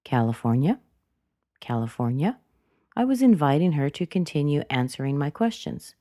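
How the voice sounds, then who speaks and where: A woman teaching English pronunciation, explaining intonation clearly and deliberately. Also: low voice, sing-song, warm tone, dry recording, studio quality. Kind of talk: scripted teaching narration.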